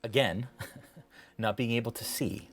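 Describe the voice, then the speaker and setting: A man narrating as dungeon master, setting the scene in a measured, descriptive way. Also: medium pitch, fairly bright tone, soft background music. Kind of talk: narrating a tabletop game.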